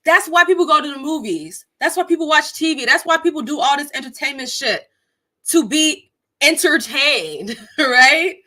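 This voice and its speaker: A woman's voice: high-pitched, lively intonation, moderate pace, bright, forceful tone. A woman hosting her live stream, giving emphatic, profane commentary and laughing often between points. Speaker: streamer and channel host.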